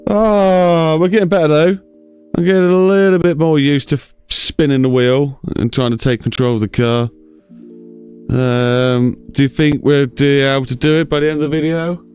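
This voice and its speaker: A man's voice: fairly high pitch, steady tone, normal speed, darkish tone, faint music behind. A man casually commentating over his own driving game, chatty and self-mocking, talking straight to his viewers. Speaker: gaming channel host. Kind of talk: let's-play commentary.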